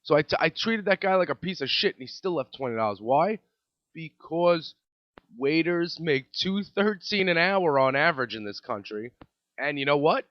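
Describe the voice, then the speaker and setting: A man's voice: fairly high pitch, lively intonation, normal speed, no echo. A man in his thirties, a podcast host telling comedic stories in a profane, exasperated rant. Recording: dull lo-fi, dry.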